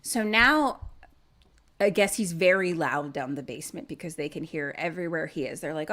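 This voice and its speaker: A woman's voice: lowish voice, moderate pace. A woman podcast host casually retelling a horror film for a live audience, swearing freely and acting out scenes. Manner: animated, profane, acts out the scenes.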